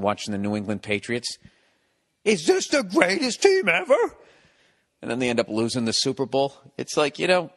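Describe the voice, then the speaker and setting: A man's voice: medium pitch, fairly bright tone. A man hosting his podcast alone, ranting sarcastically and with lots of swearing, breaking into mocking impressions. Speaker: podcast host. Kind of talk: solo rambling podcast monologue.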